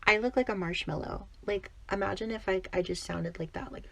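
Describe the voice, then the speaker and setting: A woman's voice: medium pitch, brisk, vocal fry, no echo. A young woman telling a casual story to camera in a chatty, self-mocking way.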